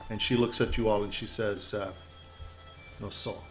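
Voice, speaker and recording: A man's voice: lowish voice, little pitch movement, a little fast, soft background music, rough recording. A man narrating as game master, telling the scene in a loose, rambling way with many fillers.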